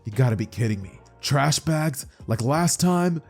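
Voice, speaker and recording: A man voicing a defeated, brooding young male martial artist villain who talks gruff and blunt. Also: medium pitch, animated, measured pace, darkish tone, soft background music, voice pushed up.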